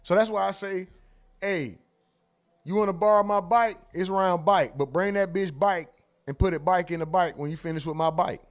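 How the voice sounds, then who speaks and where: Animated high-voiced man joking on a livestream. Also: normal speed, faint music behind. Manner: animated joking storyteller, acts out exchanges with loud outbursts. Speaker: livestream host. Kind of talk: casual livestream commentary.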